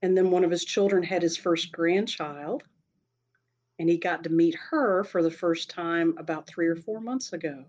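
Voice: mid-range voice, moderate pace, a little mellow. Chatty rambly storyteller, laughs a lot while talking, kinda muffled lo-fi sound. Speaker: storyteller sharing a personal experience. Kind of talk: casual spoken storytelling.

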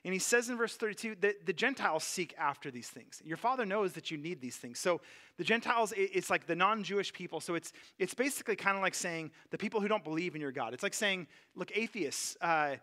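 A man's voice: fairly high pitch, bright, forceful tone. A man, a pastor, preaching a sermon in an earnest, conversational way, with frequent fillers and restarts.

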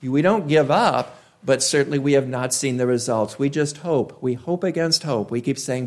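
Preacher, male, emphatic sermon delivery, repeats lines for weight, slow deliberate pauses. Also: medium pitch, a little mellow. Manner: emphatic, repeats key phrases, drawn-out pauses.

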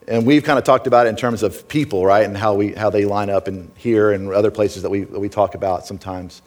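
A man's voice: fairly low pitch, steady tone, fast talker, few pauses, darkish tone. A middle-aged man preaching a sermon as pastor, earnest and conversational, often checking in with "right?".

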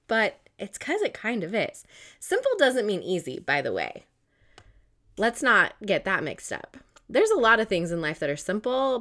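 A woman, a mother in her thirties, giving casual motivational talk to camera and acting out her own inner voice in a chatty, animated way. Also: a little high. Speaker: mindset vlogger.

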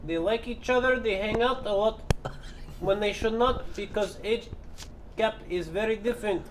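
A man voicing a foreign movie pitchman who speaks broken English, dropping articles and rolling his R's. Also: normal speed, a little hiss or hum, close to an everyday voice. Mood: earnest.

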